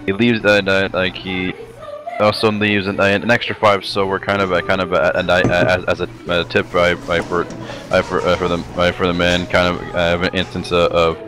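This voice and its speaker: A man playing a tabletop game, speaking haltingly with many restarts. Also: low-pitched, little pitch movement, over music. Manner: halting, full of restarts and fillers. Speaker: player. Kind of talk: tabletop role-play.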